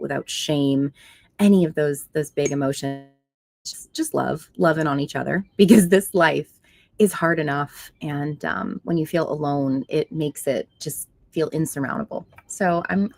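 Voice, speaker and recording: A woman's voice: on the low side, no echo, studio quality. A middle-aged woman hosting a casual live stream, reading viewer comments aloud and chatting back. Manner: chatty, reads comments aloud and answers warmly. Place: living room couch.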